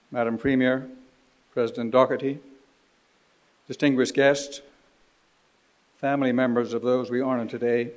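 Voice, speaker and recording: A man in his seventies from Canada, giving a formal ceremonial speech at a podium in a measured, dignified way. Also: medium pitch, darkish tone, rough recording. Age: 70s. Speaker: ceremony speaker. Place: university ceremony hall.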